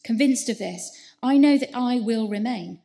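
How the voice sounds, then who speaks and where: A woman's voice: on the high side, moderate pace, vocal fry, warm tone. Woman reading scripture and leading prayer. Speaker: service leader.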